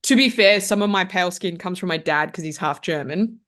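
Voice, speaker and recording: A woman's voice: fairly low pitch, brisk, a bit bright. Chatty woman. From Central Italy. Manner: chatty, rambling, lots of fillers and self-corrections. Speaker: podcast guest. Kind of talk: casual podcast chat.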